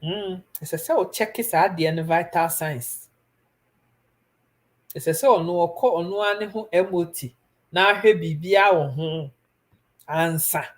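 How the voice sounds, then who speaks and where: A woman's voice: on the low side, unhurried, pauses often. A young Ghanaian woman hosting a live stream, giving earnest advice to her viewers and mixing Twi with English. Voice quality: pleading, earnest, switches between Twi and English. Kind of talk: casual advice talk to viewers.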